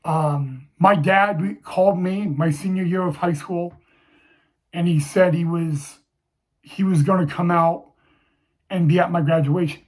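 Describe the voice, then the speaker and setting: A man's voice: high-pitched, fairly even intonation. Emotional young man telling a personal story. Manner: halting, with many restarts and fillers. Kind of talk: personal story told to viewers.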